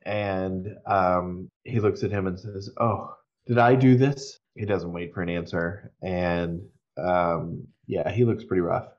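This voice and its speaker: A man narrating as game master, relaxed and unhurried, with many ums and restarts. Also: low voice, muffled recording.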